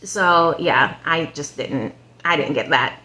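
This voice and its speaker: A woman's voice: deep voice, takes it slowly, pushed and bright. A woman in a casual, chatty show recap who rambles with lots of "um", "like" and "you know", giving her opinions and speaking straight to the people she discusses.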